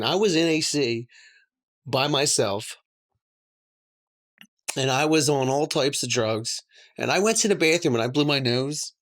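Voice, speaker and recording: A man, telling a personal story on a podcast in a rambling way, full of "like" and quick laughs. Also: medium pitch, fairly bright tone. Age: 40s. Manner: rambling, lots of "like" and laughs between words. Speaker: podcast host.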